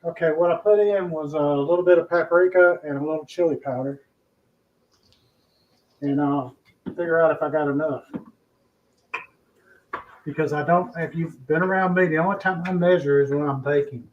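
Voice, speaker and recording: A man's voice: fairly high pitch, fairly even intonation, normal speed, pauses often, narrow, tinny audio. A man co-hosting a casual cooking show, easygoing and joking with his co-host. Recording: distant mic with faint background noise.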